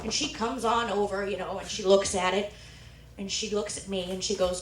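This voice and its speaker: A young woman from Nebraska doing a stand-up routine, telling animated stories and jumping high when she quotes people. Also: brisk. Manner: animated storytelling, squeals quoted lines high. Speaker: stand-up comedian. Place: comedy club stage. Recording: echoey room, mic from far off.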